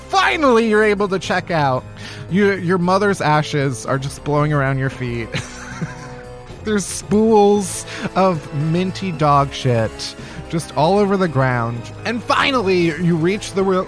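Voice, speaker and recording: A man with a high, lively voice spins an exasperated comic monologue as a podcast host. He rambles and laughs often, and faint music plays behind him.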